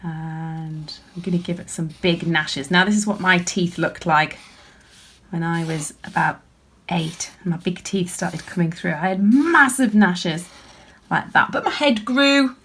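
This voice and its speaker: A woman, an author and illustrator, chatting warmly and encouragingly to children as she draws along with them. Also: on the low side, a little slow, slightly rough. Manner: chatty and encouraging, talking while drawing. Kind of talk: draw-along lesson for children.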